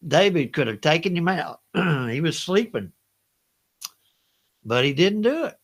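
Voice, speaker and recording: Older Southern US man, high bright voice, unhurried, folksy trivia host who laughs often. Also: very animated. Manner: chatty, folksy, laughs often, reads each question twice. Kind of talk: hosting a live Bible trivia game.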